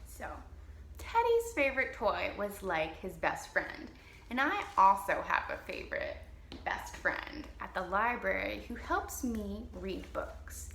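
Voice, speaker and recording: A woman librarian with a New Orleans accent reads to young children, slow and encouraging. Her bright voice swoops up and down with lively energy, and it rings in a roomy, echoing space. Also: mid-range voice, creaky, a little hiss or hum. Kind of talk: children's storytime reading. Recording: roomy echo.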